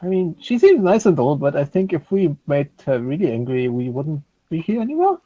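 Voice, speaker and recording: A man's voice: a little high, sing-song, brisk, no echo, narrow, tinny audio. A man playing a tabletop game, chatting casually and stammering with restarts. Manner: stammering, restarts, laughs while talking. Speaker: player. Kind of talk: casual chat, tabletop role-play.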